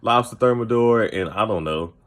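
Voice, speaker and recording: A man's voice: lowish voice, normal speed, a bit bright. A man recapping a reality TV episode to camera, blunt and profane in an opinionated, casual way. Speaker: TV recap commentator.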